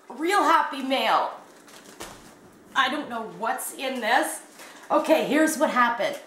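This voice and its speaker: Canadian woman, 50s, crochet vlogger; excitable, gushing delivery, unhurried, echoey room. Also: sits high. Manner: gushing and excitable, breathless giggles. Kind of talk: casual vlog unboxing.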